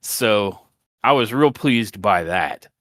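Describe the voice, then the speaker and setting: A man's voice: lowish voice, lively intonation, slow pace, fairly bright tone, no echo, studio quality. A man co-hosting a casual wrestling podcast, recapping the show with sarcastic asides and mocking impressions of the wrestlers. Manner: sarcastic, acts out wrestlers' lines in mocking voices. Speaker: podcast co-host.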